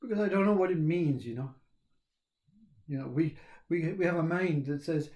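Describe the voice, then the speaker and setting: A man, talking in a rambling, reflective monologue, laughing often and halting with fillers. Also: on the high side, a little mellow. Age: 60s.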